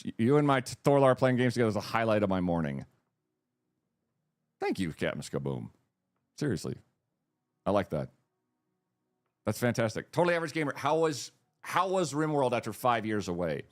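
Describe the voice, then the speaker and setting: A man hosts a live stream in easy, rambling chat, quick to get excited. His pitch swoops up and down a lot. Faint music plays behind him. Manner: rambling, excitable, thanks viewers. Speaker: streamer host.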